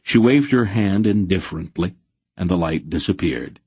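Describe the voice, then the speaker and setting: A man narrating an audiobook in a measured, steady storytelling manner. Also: deep voice, slightly rough, dry recording. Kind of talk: scripted narration.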